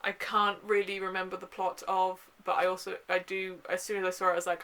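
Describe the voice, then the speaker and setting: A woman's voice: on the low side, flat delivery, normal speed, pushed and bright, poor audio. A young woman chatting casually in a home video, gushing about books with lots of ums and uhs. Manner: chatty and gushing, with frequent fillers. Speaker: book vlogger. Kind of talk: casual book haul chat.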